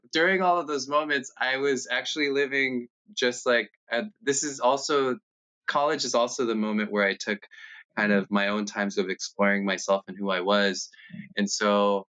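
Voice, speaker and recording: Candid man with a bright, forceful voice. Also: mid-range voice. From United States. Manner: candid, halting, animated when retelling scenes. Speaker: interviewee, congressional candidate. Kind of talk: personal storytelling in an interview. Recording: dull, lo-fi sound.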